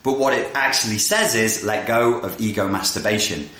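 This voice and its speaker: A man with a somewhat low voice rattles through an explanation in a loose, chatty way. He gets carried away, stops himself mid-thought and starts again. The room around him gives his voice a noticeable echo. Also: moderate pace, slight background noise. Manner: excitable, self-interrupting, jumps between tangents. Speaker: video creator explaining philosophy. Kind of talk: casual spoken explainer. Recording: roomy echo.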